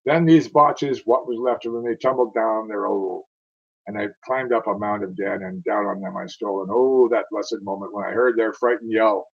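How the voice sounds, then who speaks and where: A man's voice: fairly low pitch, steady tone, normal speed, gravelly, husky, highs cut off. A man reading verse aloud as a wounded male soldier telling his war story, in a rhythmic recitation. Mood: grim.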